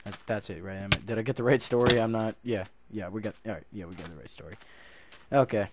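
A young man talks fast over his gameplay as a gaming YouTuber, going from quiet muttering to loud, excited yelling and back to casual chat. The clip is very noisy.

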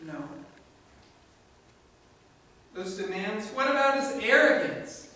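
A man's voice: high-pitched, animated, moderate pace, pushed and bright. A man preaching a sermon in a church, telling a story with animation and asking the congregation questions. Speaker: pastor. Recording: echoey room from far off.

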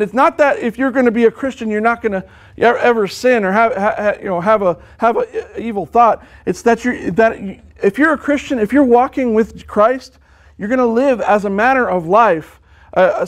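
Earnest male preacher with a high voice, sermon delivery full of restarts. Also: moderate pace. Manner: earnest, repeats words and restarts often; quotes scripture at length.

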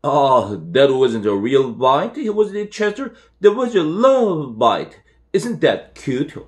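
A man reading aloud and voicing a doting mother, who talks to the family pet in high, cooing baby talk. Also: sing-song, slow pace. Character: fussy doting middle-aged mother.

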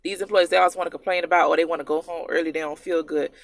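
A woman's voice: on the low side, fairly even intonation, rapid-fire. A young woman, ranting sassily and exasperated in a casual vlog, out of breath. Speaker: vlogger.

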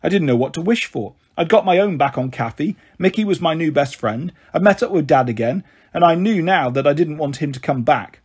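Man, storyteller, children's book reading, gentle and expressive, slightly high pitch. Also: fairly quick, breathy edge.

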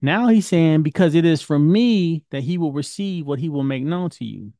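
A man's voice: a little high, animated, moderate pace, dark tone, dry recording, clean studio sound. Casual, questioning male teacher. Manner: conversational, questioning, colloquial. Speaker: Torah teacher. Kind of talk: informal Bible study lesson.

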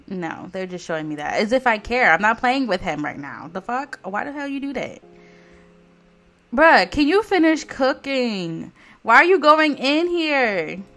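A woman's voice: a little high, sing-song, a little slow, bright, forceful tone, faint music behind. A woman casually commentating her life simulation gameplay, sassy and profane, chatting straight to her viewers. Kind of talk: casual let's play commentary.

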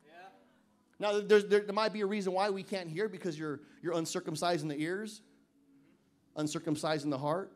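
A man with a very high voice preaching to his church. He swings from loud emphatic declarations to quiet joking asides, and he slows right down to read scripture with weight. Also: steady tone. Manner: reads scripture slowly and deliberately. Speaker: pastor. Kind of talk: sermon. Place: church service.

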